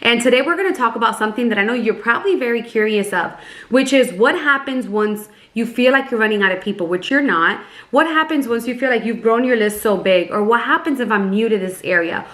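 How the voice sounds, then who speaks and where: A woman's voice: fairly high pitch, lively intonation, fairly quick, fairly bright tone. A woman coaching her team in a casual vlog, upbeat, chatty and playful. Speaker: network marketing team leader. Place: Miami. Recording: roomy echo.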